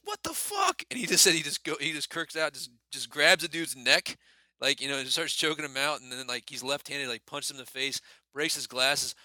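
A man co-hosting a casual podcast, spinning an animated story full of swearing and laughs. His voice is bright and sharp. The room sounds dry and close. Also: medium pitch, no echo. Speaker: podcast co-host.

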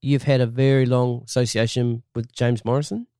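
A man hosting a podcast, asking casual questions in a relaxed, encouraging way. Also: medium pitch, moderate pace, clean tone. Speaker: podcast host.

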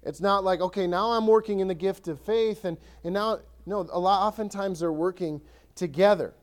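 Acting out scripture and frequently starting sentences over, a pastor delivers an animated, conversational sermon. His voice is high and his speed normal.

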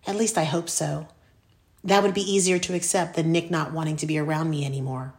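Low-voiced woman narrating a story. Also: fairly quick. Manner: expressive, storytelling. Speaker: audiobook narrator. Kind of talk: scripted first-person narration.

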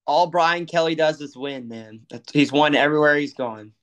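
A man's voice: fairly high pitch, moderate pace, fairly bright tone. A man co-hosting a casual sports chat, arguing his take and stumbling over his words as he rambles. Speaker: podcast co-host.

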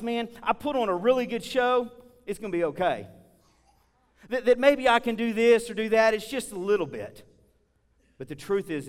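A man preaching a sermon in a church, telling stories in a conversational, animated way with big swings between loud and soft. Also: high-pitched, in a large hall. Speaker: guest preacher. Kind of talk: sermon with storytelling. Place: church sanctuary.

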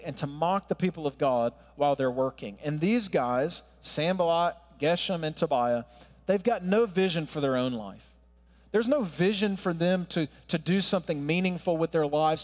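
Man in his thirties preaching in a hall. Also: a little high. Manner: conversational, wry preaching with asides to the crowd. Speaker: pastor. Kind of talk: sermon. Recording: long hall reverb.

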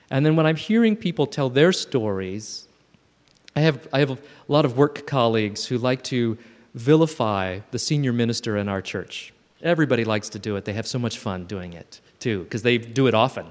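A man in his fifties addresses a gathering with a brisk, expressive, medium-pitched voice that has a darkish tone. His personal, introspective talk is full of restarted sentences, and long hall reverb trails each line.

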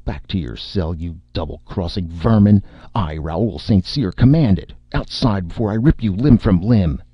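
A man voicing a bombastic, self-important male film director who shouts his lines theatrically, in a dry, slightly muffled recording. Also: a bass voice, very animated, moderate pace, creaky, no echo, heavily acted. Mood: roaring.

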